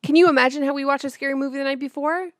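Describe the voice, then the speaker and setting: A woman's voice: high-pitched, fairly even intonation, racing, fairly bright tone, dry recording, clean studio sound. A woman co-hosting a casual podcast, chatting profanely and getting easily spooked. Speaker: podcast co-host. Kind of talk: casual chat.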